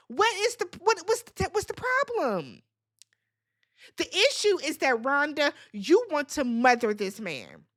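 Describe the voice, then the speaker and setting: Blunt, foul-mouthed woman reality-show recapper; high, very animated voice. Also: a little slow. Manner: blunt, profane, exasperated commentary; talks straight to viewers.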